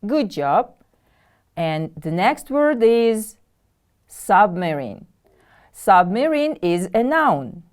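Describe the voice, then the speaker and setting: Slow, lively-voiced woman teaching English. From Kyrgyzstan. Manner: slow, careful, lively pitch, repeating words for pupils. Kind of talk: televised English vocabulary lesson.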